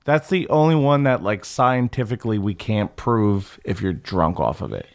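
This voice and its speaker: A man on a podcast, chiming in with quick jokes and agreement during casual chat. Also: lowish voice, lively intonation. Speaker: podcast co-host.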